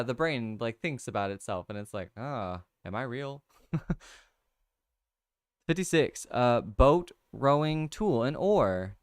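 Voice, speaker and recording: Young guy chatting slow on stream, smooth clear voice, dry close sound. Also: medium pitch, no echo. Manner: thinks out loud, laughs often, reads viewer comments. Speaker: livestream host. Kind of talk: casual chat, solving a crossword with chat.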